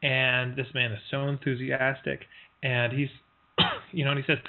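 A man with a gravelly, mid-pitched voice tells a parable to his online class, unhurried and halting, full of fillers as he slips into quick voiced quotes. The sound comes through a thin, tinny line like a phone call. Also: flat delivery. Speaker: online workshop teacher. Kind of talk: storytelling in a live online lesson.

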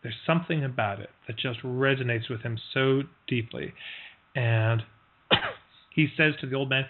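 A man with a gravelly, mid-pitched voice tells a parable to his online class, unhurried and halting, full of fillers as he slips into quick voiced quotes. The sound comes through a thin, tinny line like a phone call. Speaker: online workshop teacher. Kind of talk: storytelling in a live online lesson.

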